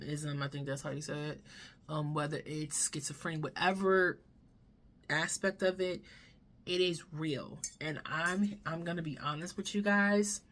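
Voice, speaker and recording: Brief: woman vlogger, low voice, slow and earnest, candid with casual swearing, seated at home. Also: fairly bright tone. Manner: emotional, drops to a whisper at times. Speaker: beauty vlogger. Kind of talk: candid life-update chat to camera. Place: home room, seated in front of camera.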